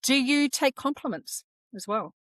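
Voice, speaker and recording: A woman's voice: high-pitched, expressive, measured pace, a bit bright, no echo. A woman, co-hosting a podcast in casual, reflective chat, explaining ideas step by step. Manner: reflective, explains in steps, many restarts. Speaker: podcast co-host.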